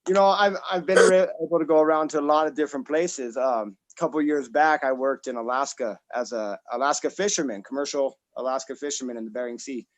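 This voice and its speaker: A man's voice: medium pitch, quick pace, hardly any pauses, low-quality recording. A man in his thirties from Colorado doing a stand-up set over a video call, rambling and self-deprecating with many fillers and restarts. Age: 30s. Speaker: stand-up comic.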